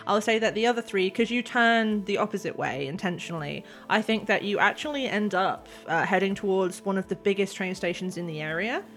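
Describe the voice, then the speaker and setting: A woman's voice: medium pitch, a little fast, few pauses, fairly bright tone, soft background music. A woman narrating as game master, chatty and laughing often.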